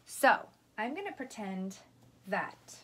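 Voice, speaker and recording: A woman teacher giving a patient, gentle lesson to young children, explaining step by step. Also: medium pitch, sing-song, takes it slowly, slightly rough.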